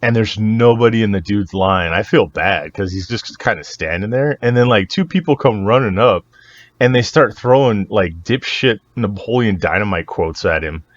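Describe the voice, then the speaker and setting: A man's voice: on the low side, normal speed, no echo, dull audio. A man co-hosting a podcast, telling a story casually, laughing often and acting out the people he quotes. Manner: animated, laughs often, acts out voices in quotes. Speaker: podcast co-host.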